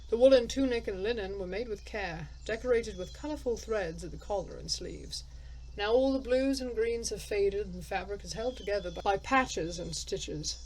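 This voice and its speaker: A woman's voice: mid-range voice, darkish tone, slight background noise, rough recording. A woman playing a story game, reading its text aloud and thinking aloud in casual, chatty commentary, laughing at herself. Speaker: let's player.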